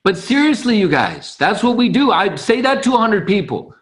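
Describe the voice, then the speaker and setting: A man giving an energetic, preachy motivational training talk on a conference call, acting out sales conversations. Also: high voice, moderate pace. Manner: energetic and preachy, acts out dialogues. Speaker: network marketing trainer.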